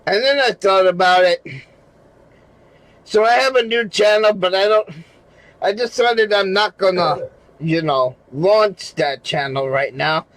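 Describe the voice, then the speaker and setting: A man's voice: high voice, a little slow, pauses often, fairly bright tone, poor audio. A man chatting casually on a livestream, swearing, laughing and circling back to the same point again and again. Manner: rambling, repeats his point over and over; profane, laughs between phrases. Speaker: regular show panelist.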